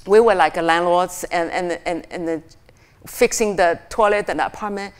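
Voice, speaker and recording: A woman's voice: on the low side, normal speed, clean tone. A middle-aged woman from China with a Chinese accent, an author telling stories to a forum audience and acting out the voices she quotes. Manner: animated, acts out quoted lines in a raised voice. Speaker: author and guest speaker. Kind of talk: storytelling at a public forum.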